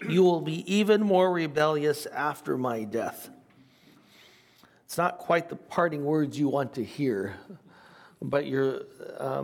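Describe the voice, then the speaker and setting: An older man teaches scripture in a relaxed, conversational way. His voice sits a little higher than most men's. He reads passages aloud and then adds informal asides. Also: vocal fry. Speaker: pastor teaching a Bible study. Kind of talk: sermon.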